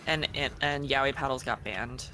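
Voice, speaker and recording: A stream co-host who explains things in animated, casual chat. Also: mid-range voice, normal speed, a crowd in the background. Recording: noisy background.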